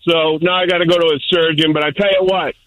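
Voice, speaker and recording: Older caller, boisterous rambler, high voice with a bright edge, dry sound. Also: male voice, little pitch movement, quick pace, no echo, rough recording. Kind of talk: call-in radio chat.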